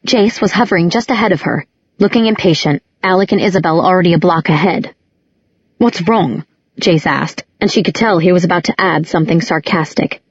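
A woman's voice: fairly low pitch, a little fast, slightly rough, dry recording, highs cut off. A woman narrating an audiobook, reading every character herself with small changes of voice. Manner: reads all characters with small voice shifts. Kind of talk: scripted narration.

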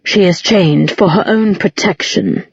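A woman's voice: on the low side, measured pace, slightly rough, no echo. A woman voicing a villainous father in an audiobook, languid but threatening. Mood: menacing. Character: cold, menacing adult man, a villainous father. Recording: dull, muffled recording.

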